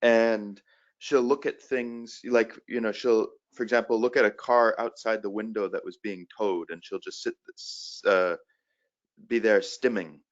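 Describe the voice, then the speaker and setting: A man's voice: lowish voice, fairly even intonation, unhurried. Hesitant father calling in; lo-fi video call sound. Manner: hesitant, with restarts and fillers. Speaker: parent asking a question. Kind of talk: asking a question on a webinar. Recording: dull lo-fi video call audio.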